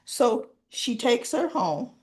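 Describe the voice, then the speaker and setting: A woman's voice: medium pitch, measured pace. A woman giving a casual spoken recap of a soap episode, acting out the characters' lines and talking straight to her viewers. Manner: animated, acts out quoted lines, talks to viewers. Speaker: soap opera recap vlogger.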